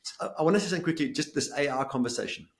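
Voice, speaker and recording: A man co-hosting a podcast, speaking earnestly and jumping quickly into a casual conversation. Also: medium pitch. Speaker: podcast co-host. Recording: roomy echo.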